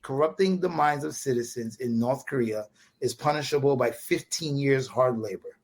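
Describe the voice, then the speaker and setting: A podcast guest from Brooklyn, USA, speaks with a New York accent in a husky, slightly breathy voice at an ordinary middle pitch and a moderate pace. He tells a casual story animatedly, restarting phrases repeatedly and playing both sides of a conversation with "right?" tags.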